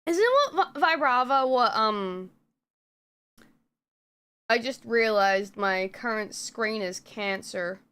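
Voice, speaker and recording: High, bright-voiced woman streamer. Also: slow pace, long pauses, a little hiss or hum. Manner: rambling, swears often, many fillers. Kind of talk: casual live-stream chat.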